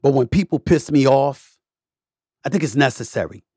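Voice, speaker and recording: A middle-aged man hosting a podcast, delivering an impassioned, emphatic monologue that swings between loud and quiet and repeats his points with the odd curse. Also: mid-range voice, normal speed, husky, no room sound, studio quality. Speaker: podcast host.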